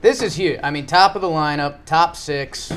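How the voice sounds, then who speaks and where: A man hosting a casual watch-along chat about a ballgame, animated and excitable. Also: on the high side, normal speed, a little hiss or hum. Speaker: host. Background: game broadcast crowd.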